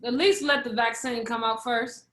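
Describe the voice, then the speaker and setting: Young female musician guest, blunt, playful talk, fairly high voice. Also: steady tone, moderate pace, a bit bright. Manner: blunt, playful, laughs often. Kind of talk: casual chat.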